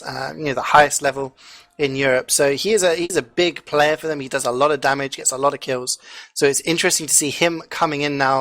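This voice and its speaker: A man doing live esports commentary as co-caster, talking in a chatty way and filling pauses with fillers and restarts. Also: medium pitch, fairly bright tone, no echo.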